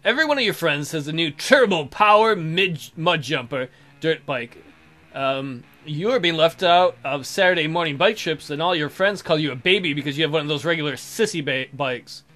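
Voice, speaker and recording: A young man casually commenting on a game and reading its text aloud, sardonic and crude, swinging between mumbled asides and loud outbursts. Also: a little high, moderate pace. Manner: sardonic, swears freely, jumps between deadpan mutters and loud outbursts. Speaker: let's play commentator.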